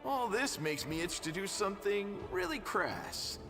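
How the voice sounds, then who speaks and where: An actor playing a crude, mischievous scaly rogue in a video game, with a sly, impish delivery. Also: male voice, sits high, very animated, a little slow, full character voice. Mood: gleeful. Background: game music.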